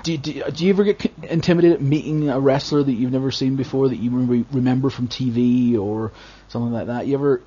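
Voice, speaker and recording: A man hosting a casual phone interview, asking questions in a halting way with repeated words. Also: medium pitch, steady tone, warm tone, breathy edge. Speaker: interviewer, host. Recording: muffled lo-fi line.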